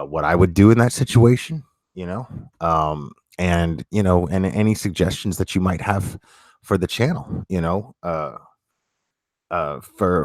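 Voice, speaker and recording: A man with a very deep voice chats casually with his audience, stumbling through restarts and fillers. He talks bluntly and swears freely. The sound is dry and close, with no room echo. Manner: halting, many restarts and fillers. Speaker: streamer reading chat. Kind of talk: casual chat.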